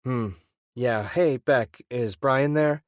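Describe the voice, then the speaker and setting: A man's voice: mid-range voice, slow, dry recording, studio quality, voice pushed up, close to an everyday voice. A male narrator voicing a worried younger brother on a phone call who forces a cheerful tone. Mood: forced cheer. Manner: strained, falsely upbeat.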